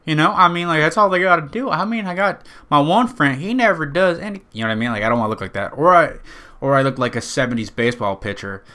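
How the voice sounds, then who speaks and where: A man's voice: fairly high pitch, expressive, fast, sharp tone. A young man hosting a podcast, rambling through a profane, self-mocking comedic monologue. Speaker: podcast host.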